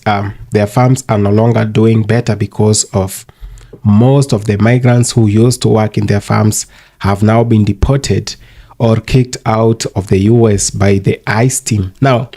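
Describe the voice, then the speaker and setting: Male channel host from Africa; calm and measured, low, mellow voice. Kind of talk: commentary video address.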